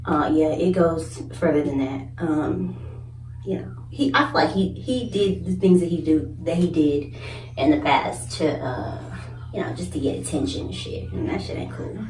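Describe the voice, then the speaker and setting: Animated, cussing young woman telling a story. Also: low voice. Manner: animated, swearing, laughing, acts out others' voices. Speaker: vlogger. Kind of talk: casual storytime vlog. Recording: echoey room, mic at a distance.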